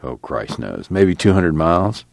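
Brief: male reader as a low, tired drifter, drawling and blunt, dry close sound. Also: big pitch swings, measured pace, gravelly, dry recording, heavily acted. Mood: weary insistent. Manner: drawling, matter-of-fact rural speech. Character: weary, patient migrant worker man.

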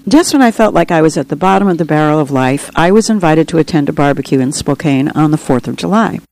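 A woman's voice: low voice, lively intonation, fast, darkish tone, no room sound, poor audio. A woman author reading her own book aloud in an earnest, reflective first-person storytelling manner. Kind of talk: audiobook reading.

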